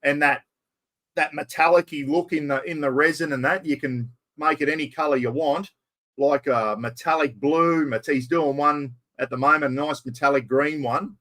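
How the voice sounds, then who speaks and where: A middle-aged Australian man with a slightly high voice hosts a relaxed camping live stream. He talks in a chatty, blokey way, greets viewers and swears freely. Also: moderate pace. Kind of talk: casual live-stream chat.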